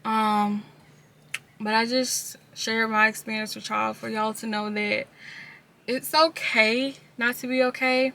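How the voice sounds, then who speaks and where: A woman's voice: a little high, little pitch movement, slow pace, pushed and bright. A woman vlogger speaking candidly and casually, telling viewers about her own life in a personal confessional video. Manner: candid, casual storytelling, addresses viewers directly.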